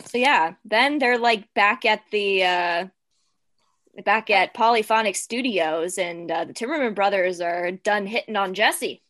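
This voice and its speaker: A woman's voice: medium pitch, unhurried, a bit bright, no room sound. A woman co-hosting a casual podcast chat, recapping scenes with wry rhetorical questions. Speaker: podcast co-host.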